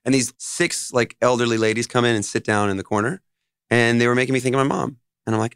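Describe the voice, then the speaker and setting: A man speaking as a musician guest in an interview, telling stories in a loose, rambling, animated way. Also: mid-range voice, fast, clear, resonant tone, no room sound. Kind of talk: casual interview storytelling.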